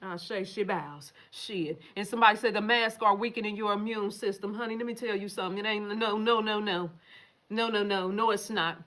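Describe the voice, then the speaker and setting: A woman hosts a casual livestream, reading viewer comments aloud and answering them straight to her audience in a profane, emphatic way. Her mid-range voice is steady in tone, brisk, and fairly bright.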